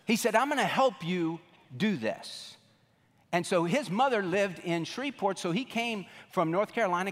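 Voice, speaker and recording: A middle-aged man preaching a sermon as pastor, telling stories in a folksy way and acting out what people said. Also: high-pitched. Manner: folksy storytelling, animated quoting. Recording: long reverb of a large hall.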